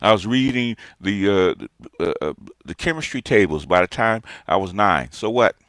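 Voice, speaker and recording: A man's voice: fairly low pitch, animated, moderate pace, a bit bright, no echo, clean studio sound. A man in his sixties gives a ranting, lecturing response monologue as a streamer, emphatic and repeating his points. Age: 60s.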